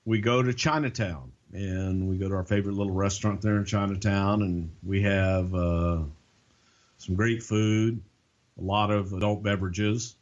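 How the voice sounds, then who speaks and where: A man's voice: low voice, moderate pace, dull audio. A man casually telling a long, profane story, acting out the voices of the people in it. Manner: profane, animated, acts out quoted voices.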